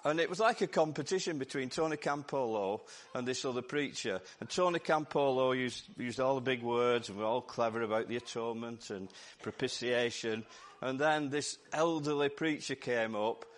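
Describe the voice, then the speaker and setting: A man with a Lancashire accent preaching a lively, jokey Easter sermon to his church while his voice goes hoarse. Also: mid-range voice, normal speed. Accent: Lancashire English. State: voice going hoarse. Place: church service.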